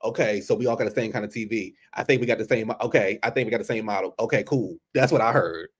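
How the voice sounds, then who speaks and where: A man giving a casual, profane recap of a show on camera, animated and repetitive. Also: lowish voice, fast talker, husky. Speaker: show reviewer.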